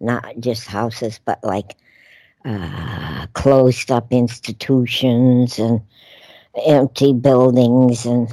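A woman's voice: rumbling low, drawn-out words, warm tone, no echo. A woman co-hosting a radio talk show, telling a story in a meandering, chatty way with many fillers. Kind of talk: casual radio chat.

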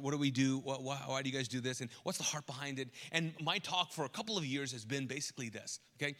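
A man's voice: a little high, fairly bright tone. A man preaching a live sermon as pastor in a large church, talking conversationally with the congregation and acting out Bible characters in casual voices. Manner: conversational, asks the congregation to answer. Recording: long hall reverb from a live church service.

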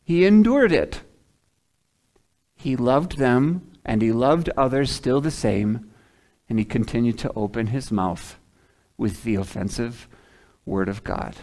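A man preaching a sermon at a middle pitch. He speaks conversationally, poses questions to the congregation and slips into the voices of townspeople to act out the story. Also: measured pace, pauses often, darkish tone. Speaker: pastor.

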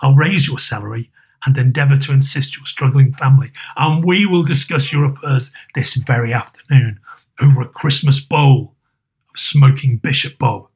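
A man voicing an elderly reformed miser who speaks in a low, gruff, emphatic growl. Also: unhurried, a little mellow, exaggerated voice. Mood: hearty.

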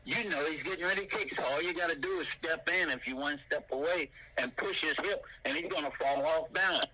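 Bright, punchy older man instructor. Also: fairly quick, husky, rough recording. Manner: punchy, with sound effects like boom and bam. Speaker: martial arts instructor. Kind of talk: animated teaching talk.

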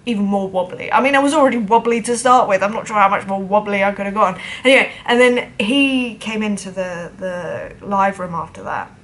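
A woman's voice: medium pitch, brisk, few pauses, a bit bright, slight background noise. Chatty self-deprecating woman. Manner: chatty, self-deprecating, acts out the voices of others. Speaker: drummer telling a personal story. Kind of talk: casual storytelling to camera.

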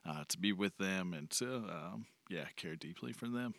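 A man's voice: low voice, lively intonation, creaky, a bit bright, no room sound. A man who is a pastor, talking earnestly in a casual podcast interview and often restarting his sentences. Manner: halting, many restarts, earnest. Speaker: pastor guest.

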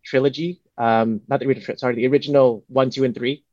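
A man's voice: mid-range voice, steady tone, fast talker, darkish tone, no echo. Man, podcast co-host, precise, slightly dull lo-fi sound, dry. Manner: precise, corrects details. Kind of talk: casual chat.

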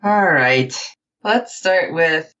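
A woman co-hosting a casual recap show, animated and acting out the characters' lines as she tells it. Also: low voice, drawn-out words, muffled recording. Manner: animated, quotes characters in playful voices. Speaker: podcast co-host.

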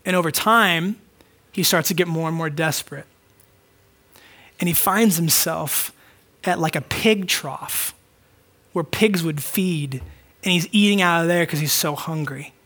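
A man's voice: fairly high pitch, a little slow, long pauses, bright, forceful tone. A man preaching a conversational sermon, acting out short quoted dialogues. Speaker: pastor.

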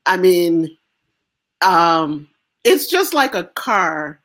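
American woman in an interview, fired up and emphatic, kinda low voice, lots of restarts. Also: big pitch swings, fairly bright tone. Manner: impassioned, emphatic, halting restarts. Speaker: interview guest. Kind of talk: emotional interview conversation.

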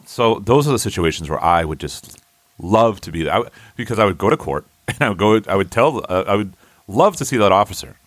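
A man in casual podcast chat, talking in a relaxed way with lots of fillers and frequent chuckles. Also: fairly low pitch, fairly quick, dry recording.

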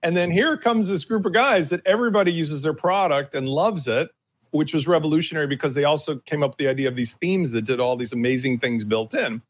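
A man's voice: on the high side, brisk. A man co-hosting a casual panel discussion, opinionated and emphatic, stretching out his key words. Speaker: podcast co-host.

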